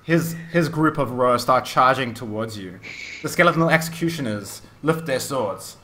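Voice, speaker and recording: Bright-voiced man narrating a game. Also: medium pitch, moderate pace, a little hiss or hum. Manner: vivid descriptive narration with frequent restarts. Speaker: game master.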